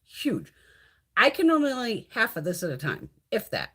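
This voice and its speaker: A middle-aged woman runs a casual beauty livestream, swearing freely as she talks with viewers and reads their comments aloud. Her voice sits on the high side, very animated and a little fast, with a bright, forceful, slightly rough tone.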